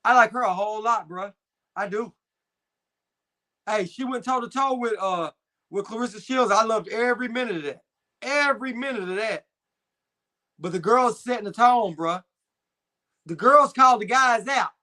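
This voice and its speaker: A man's voice: sits high, moderate pace, pauses often, bright, forceful tone. A young adult man hosting a live stream, chatting casually with slang and reading viewer comments. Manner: laid-back slangy banter, frequent fillers.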